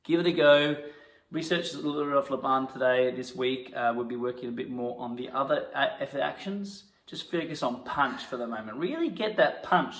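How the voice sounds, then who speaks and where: A man teaching an acting lesson, jumping into loud, indignant improvised scenes. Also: medium pitch, normal speed. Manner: bursts into loud indignant outbursts during scenes. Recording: echoey room.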